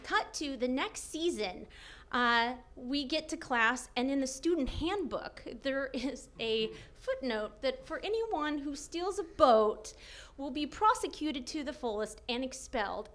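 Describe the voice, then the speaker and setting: High-pitched young woman storyteller; animated comic anecdote, laughing through it. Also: a little slow. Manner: animated, laughing often, acting out quotes.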